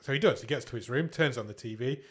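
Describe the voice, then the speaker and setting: A man's voice: medium pitch, fast, slightly rough. A man co-hosting a casual film podcast, wry and sweary as he sums up the plot. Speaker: podcast co-host.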